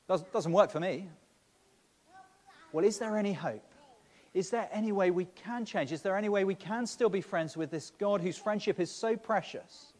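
A man's voice: high-pitched, normal speed. A man preaching a sermon, speaking to the children directly and often repeating words as he starts phrases. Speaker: pastor. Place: church. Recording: long reverb of a church hall.

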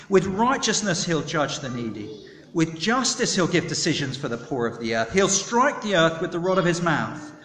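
A man preaching a sermon, chatty and animated, polling his listeners for answers. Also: high-pitched, slight background noise. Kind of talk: sermon with audience participation. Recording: echoey hall, long reverb.

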